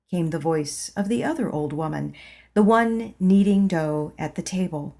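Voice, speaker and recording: A woman narrating a spiritual memoir as an audiobook, in a calm, measured reading voice. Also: on the low side, vocal fry. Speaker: audiobook reader.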